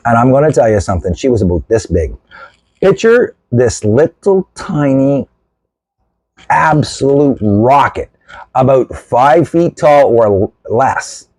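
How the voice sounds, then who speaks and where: A man in casual storytelling mode as host of his own video channel, animated and self-mocking, and sick with a lung infection. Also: mid-range voice, measured pace, dry recording, low-quality recording. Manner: animated, self-mocking, gestures while telling.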